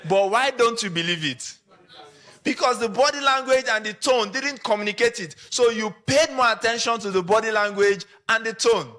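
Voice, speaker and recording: A man with a Nigerian accent giving a conference talk to photographers, animated and acting out short examples as he speaks. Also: sits high, normal speed.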